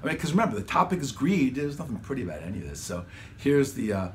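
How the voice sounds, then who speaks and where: A man's voice: mid-range voice, big pitch swings, fast, darkish tone, a little hiss or hum. A man, a songwriter and guitarist, walks through how he recorded his vocals in a casual, rambling way, dropping slang like "man" and "dude". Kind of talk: casual home-studio walkthrough.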